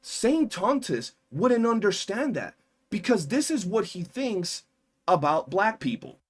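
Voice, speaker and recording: Young guy, ranting commentator, slightly high voice, emphatic and indignant. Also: sing-song, measured pace, breathy edge. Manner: indignant, emphatic, swears freely. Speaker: commentary streamer. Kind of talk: heated commentary rant.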